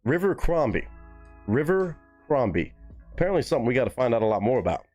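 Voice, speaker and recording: A young man hosting a live music reaction stream, talking casually and excitedly to his chat with plenty of swearing. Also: medium pitch, fast. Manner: excitable, profane, talks straight to chat.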